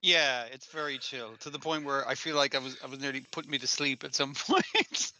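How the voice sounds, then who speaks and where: A man's voice: medium pitch, big pitch swings, sharp tone. A man co-hosting a podcast, chatting casually and swearing freely as he retells scenes. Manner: swears casually, acts out scenes in quick voices. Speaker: podcast co-host. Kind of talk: casual chat about anime.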